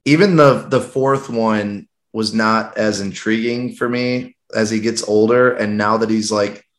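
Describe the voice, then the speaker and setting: A man's voice: on the low side, fairly even intonation, unhurried. Teasing, skeptical man in a roomy space. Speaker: podcast co-host. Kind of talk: casual chat.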